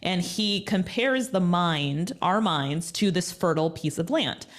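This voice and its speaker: A woman guest in an interview, talking in an energetic, emphatic, motivational way. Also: on the low side, measured pace. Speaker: guest, media personality. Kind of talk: conversational interview.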